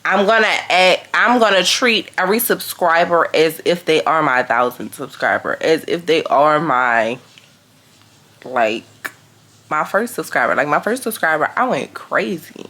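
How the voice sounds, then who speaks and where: Gushing woman, bright unhurried voice. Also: low voice. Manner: gushing, excitable, repeats phrases. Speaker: vlogger. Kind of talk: casual vlog chat.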